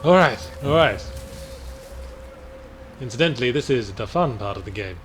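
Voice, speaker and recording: A streamer with a British accent offers dry, sardonic let's-play commentary while playing a video game, with game music in the background. His voice is mid-range with lively intonation and a fairly bright tone, at a normal speed.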